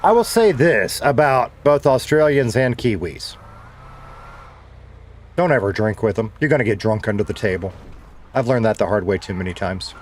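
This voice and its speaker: A man's voice: lowish voice, expressive, moderate pace, a little hiss or hum. Chatty man streaming. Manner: chatty, reads viewer comments aloud. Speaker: streamer host. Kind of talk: casual livestream chat.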